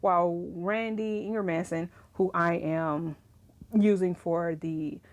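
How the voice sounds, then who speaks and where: Animated young woman ranting casually. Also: fairly low pitch, slow pace. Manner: animated, ranting, laughs often. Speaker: writing vlogger. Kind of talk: casual chat to camera.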